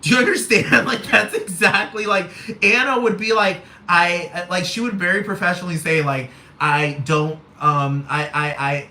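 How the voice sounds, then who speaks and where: A man ranting in a profane, animated, comedic way, laughing often as he goes. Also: high-pitched, normal speed, hardly any pauses. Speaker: vlogger. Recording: roomy echo, faint room noise.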